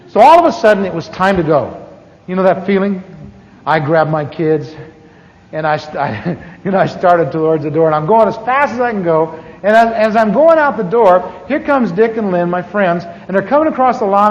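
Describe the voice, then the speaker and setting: A man's voice: high-pitched, a little fast. A middle-aged man teaching a class, telling a humorous personal testimony and acting out the voices of the people in his story. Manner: animated, acts out quoted voices. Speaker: church teacher. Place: large church hall. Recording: echoey hall, dull 1980s tape.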